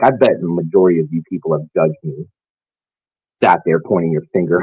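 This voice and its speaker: A man's voice: deep voice, normal speed, long pauses, a little mellow, breathy edge, no echo, highs cut off. A man ranting angrily and profanely to his viewers in a scornful vlog tirade. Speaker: vlogger. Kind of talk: angry rant to camera.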